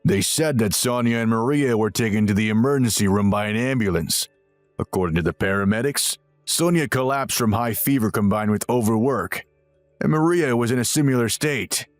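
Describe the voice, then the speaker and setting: A man's voice: mid-range voice, normal speed, dry recording, soft background music, close to an everyday voice. A man voicing a stern, disapproving older father who rebukes firmly in a dramatized text-message story.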